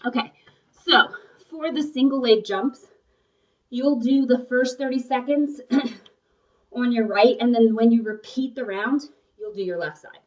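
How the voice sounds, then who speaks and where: Young woman coaching a home workout, kinda high voice, chatty and encouraging, sounds muffled and a bit far from the mic. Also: measured pace, a little mellow. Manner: chatty, encouraging, breaks off with laughs. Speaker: fitness instructor. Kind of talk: workout instruction video.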